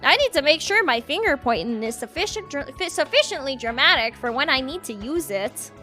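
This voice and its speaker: A woman voicing a theatrical young bird playing detective, dramatic and prone to shouting. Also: high-pitched, big pitch swings, brisk, soft background music, heavily acted.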